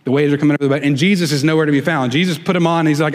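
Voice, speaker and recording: A man preaching a sermon in a relaxed, conversational way with folksy asides. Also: a little high, rapid-fire, big-room sound. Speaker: pastor.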